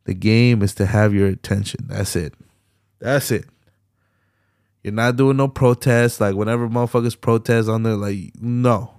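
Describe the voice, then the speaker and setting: A young man with a low, gravelly voice delivers an exasperated, profanity-laden solo rant as a podcast host. He talks slowly and with a dark, mellow tone. The sound is dry and close. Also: fairly even intonation, no room sound. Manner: profane, exasperated ranting with lots of fillers.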